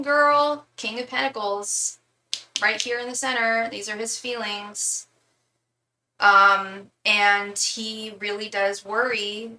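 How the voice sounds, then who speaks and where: A woman's voice: medium pitch, bright, forceful tone, roomy sound, distant mic, a little hiss or hum, rough recording. A young woman giving a live tarot reading in a chatty way, full of fillers, restarts and calls of "girl". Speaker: tarot reader.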